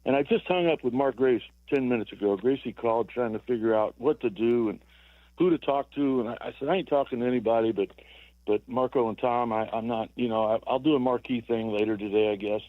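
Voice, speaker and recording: A sixty-something former ballplayer shares stories by phone on a sports radio show, wandering off track with repeated words and chuckles. He talks briskly in a mid-range voice, and the tinny phone line carries no room sound.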